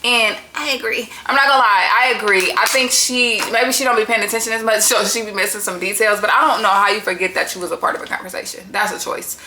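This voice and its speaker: A woman's voice: mid-range voice, steady tone, fast talker, few pauses, sharp tone, a little hiss or hum. A woman hosting a casual reality TV recap, talking bluntly and exasperated, swearing freely as she reacts. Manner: blunt, exasperated, heavy cursing. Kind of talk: casual profane recap commentary. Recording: echoey room.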